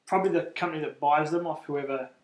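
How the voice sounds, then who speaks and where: Jokey New man, higher voice. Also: fast. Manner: jokey, rambling, chatty. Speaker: film reviewer co-host. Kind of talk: casual chat. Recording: roomy echo.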